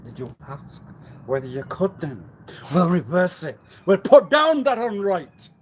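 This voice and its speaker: A man rambling on a live stream, repeating himself and swinging suddenly between loud and quiet. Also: high voice, sing-song, a little slow, slight background noise. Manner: erratic, repetitive, with sudden swings in loudness. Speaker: livestreamer.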